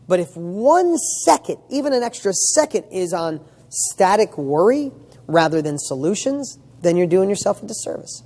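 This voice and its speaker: With a high, sing-song, mellow voice at normal speed, a man delivers a motivational talk full of rhetorical questions, emphatic yet casual, with an occasional swear word.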